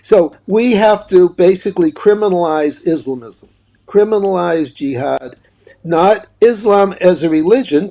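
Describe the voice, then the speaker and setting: Older man, emphatic and high-pitched. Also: mellow. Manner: emphatic, repeats words when starting a point. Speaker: author and guest. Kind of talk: political interview.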